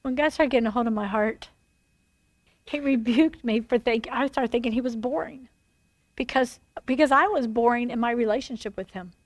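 High-voiced woman preaching with animated storytelling. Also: normal speed, no room sound. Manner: animated storytelling, emphatic, acts out dialogue. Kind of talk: sermon.

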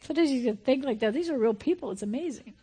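A high-voiced woman in her fifties delivers a sermon with a husky, breathy edge. She shifts from loud excited outbursts to near-whispered intimacy. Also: fast. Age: 50s. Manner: swings from loud excited exclamation to hushed whispering, laughs often. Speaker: preacher.

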